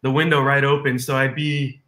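A man joining a livestream over a video call from a hotel room, joking in a relaxed way. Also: medium pitch, normal speed, echoey room. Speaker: guest. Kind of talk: casual chat on video call.

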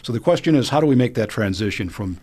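A man hosting a podcast, asking questions in a relaxed way with filler pauses. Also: medium pitch. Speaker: podcast host. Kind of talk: interview questions.

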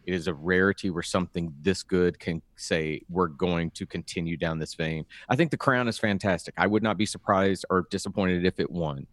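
A man co-hosting a podcast in casual chat, giving quick, opinionated verdicts. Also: low voice, no room sound. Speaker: podcast co-host.

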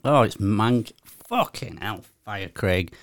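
A man's voice: on the low side, animated, takes it slowly, fairly bright tone, no echo. A man with a Yorkshire accent co-hosting a casual podcast chat, grumbling and swearing as he complains. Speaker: podcast co-host.

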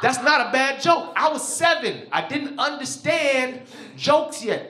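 A man's voice: very high-pitched, measured pace. Een man van in de dertig staat op het podium van een comedyclub en vertelt luid en levendig zijn verhalen terwijl hij met het publiek praat. Zijn stem ligt vrij hoog voor een man. De opname klinkt galmend, zoals live in een zaal. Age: 30s. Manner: loud, animated storytelling with crowd work. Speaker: stand-up comedian. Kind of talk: stand-up comedy set. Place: comedy club stage. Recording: roomy live club sound. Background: audience laughter.

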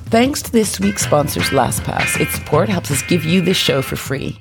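A woman's voice: sits low, animated, moderate pace, vocal fry, few pauses, over music. A woman co-hosting a casual podcast, teasing her co-hosts and laughing often. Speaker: podcast co-host.

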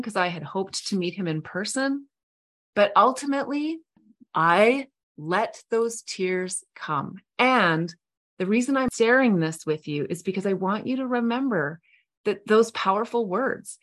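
A middle-aged woman hosting a podcast, telling a personal story in a heartfelt, earnest way with soft pauses. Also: medium pitch. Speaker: podcast host. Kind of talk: reflective storytelling monologue.

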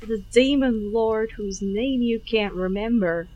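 A woman's voice: on the high side, slow, a little mellow, highs cut off. A woman playing a tabletop game, speaking hesitantly and cautiously with small restarts. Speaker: player. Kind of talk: tabletop role-play.

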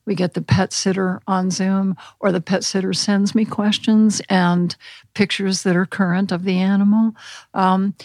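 A woman animal communication counselor speaking calmly and gently instructing, in a podcast interview. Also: medium pitch, no echo. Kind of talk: podcast interview, guided visualization.

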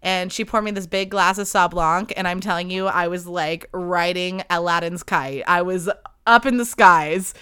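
Bright, animated young woman podcaster. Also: on the low side, smooth. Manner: chatty and animated, quick laughs. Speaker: podcast host. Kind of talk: casual solo podcast chat.

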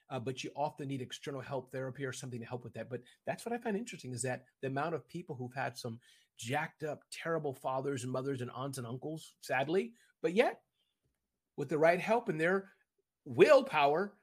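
A man guest on a video-call interview, talking about business in a rambling, animated way and often addressing the host by name. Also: medium pitch, fairly quick, husky. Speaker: podcast guest, entrepreneur. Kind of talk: casual interview chat.

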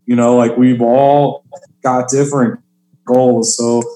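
A man's voice: medium pitch, flat delivery, slow pace, mellow, reverberant, low-quality recording. A man, a stand-up comedian, talking casually about his craft and filling his sentences with "like" and "you know". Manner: chatty, fills with "like" and "you know". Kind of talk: casual podcast conversation.

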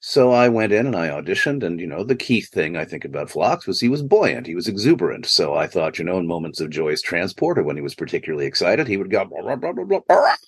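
An older man, a guest actor, telling anecdotes in a self-mocking, animated way in a podcast interview. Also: low-pitched, fast, hardly any pauses, slightly rough, no room sound. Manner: animated, self-mocking storyteller who acts out quoted voices.

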